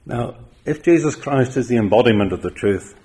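A man preaching a sermon, with emphatic stresses that rise loud and then drop quiet. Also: mid-range voice, expressive, moderate pace.

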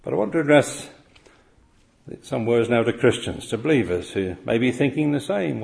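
Earnest preacher, emphatic and questioning. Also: male voice, mid-range voice, sing-song, normal speed, vocal fry, darkish tone. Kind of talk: sermon.

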